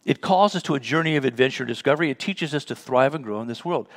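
A man leads a Bible study in a conversational teaching style, speaking fast at a medium pitch with few pauses. He tells personal stories, acts out the remembered dialogue, and chuckles as he goes.

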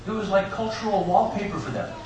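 A male pastor delivers a sermon in a higher register, telling stories and dropping jokes along the way. His voice rings through a very echoey church and reaches the mic from a distance. A steady hiss sits under the whole recording. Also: fast talker. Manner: personal storytelling with joking asides. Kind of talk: Easter sermon. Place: church sanctuary.

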